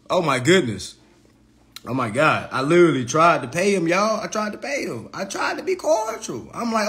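A man hosts a comedic roast livestream, animated and profane, with frequent laughter. His voice sits high and sounds bright and forceful. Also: a little slow, long pauses. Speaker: livestream host.

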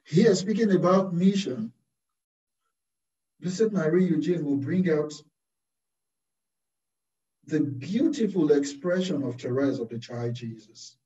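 A man, a Carmelite priest, preaching a slow, deliberate sermon full of rhetorical questions. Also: fairly high pitch, expressive, dark tone. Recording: distant, roomy, dull-sounding recording.

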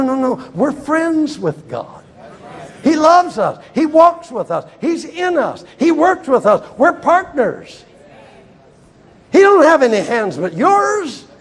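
Husky older American preacher, fiery and emphatic. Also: male voice, sits high. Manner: emphatic, swings from shouting to hushed. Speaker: evangelist preacher. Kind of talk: sermon. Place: church hall.

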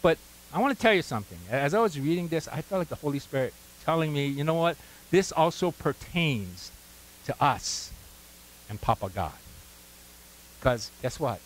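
A man's voice: fairly high pitch, lively intonation, moderate pace, a little hiss or hum, low-quality recording. A pastor preaching a sermon, conversational and full of "right?" asides, prompting his congregation to call out words.

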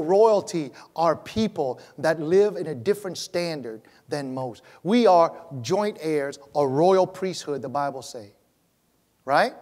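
Man, pastor, sermon in church, high-pitched, animated, loud then hushed. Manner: animated, swings between loud emphatic and low quiet delivery.

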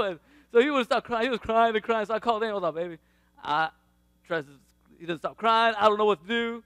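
A man, around his thirties, sharing a faith testimony about his family in a casual, animated way, laughing often and acting out what people said. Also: sits high, quick pace, clear, resonant tone, no echo.

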